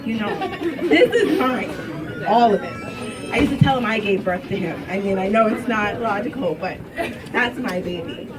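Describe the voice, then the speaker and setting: A woman's voice: medium pitch, sing-song, normal speed. A woman giving a heartfelt toast to her brother, tender and earnest. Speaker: sister giving a farewell toast. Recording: distant mic with party crowd.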